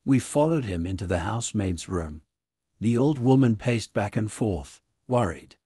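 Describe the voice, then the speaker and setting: A man reading a classic story aloud as scripted narration for English learners, in a clear, even way. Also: lowish voice, unhurried, no echo, clean studio sound.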